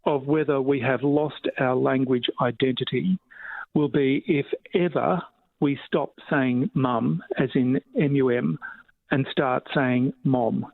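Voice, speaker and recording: A man with an Australian accent, a demographer guest chatting in a radio interview, laughing often and slowing to spell words out. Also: medium pitch, fairly even intonation, creaky, no echo. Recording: tinny phone line.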